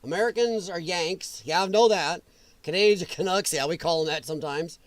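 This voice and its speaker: A man's voice: sits high, brisk, dry recording. A man hosting a political commentary livestream, ranting in a heated, sarcastic and mocking way. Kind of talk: livestream rant.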